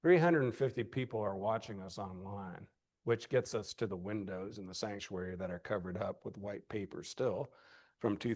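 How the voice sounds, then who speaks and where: Male pastor, low-pitched, earnest, conversational, chatty asides. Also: a little mellow. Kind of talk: informal address to a church class.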